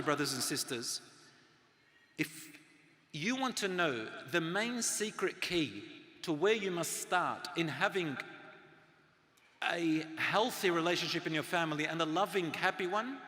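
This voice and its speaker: A middle-aged man delivers an earnest sermon, his bright voice ringing through a reverberant hall. He swings from loud emphasis down to soft, hushed tones. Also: fairly high pitch. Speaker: Islamic lecturer.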